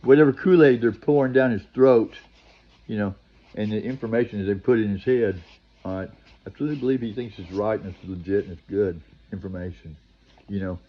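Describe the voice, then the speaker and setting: A man's voice: fairly low pitch, fairly even intonation, brisk. An older man talking straight to his viewers in a long, rambling vlog monologue, full of restarts and "you know," ending with preachy advice. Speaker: vlogger. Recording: dull lo-fi recording.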